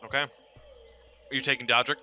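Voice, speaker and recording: A man's voice: mid-range voice, little pitch movement, normal speed, sharp tone. A man running a tabletop game as game master, describing scenes with many fillers.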